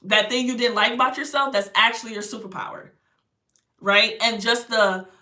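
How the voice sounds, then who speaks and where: A woman's voice: a little high, steady tone, moderate pace, pushed and bright. A young woman spiritual healer giving a casual motivational talk, blunt and slangy, often checking in with the viewer. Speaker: spiritual healer and astrology reader.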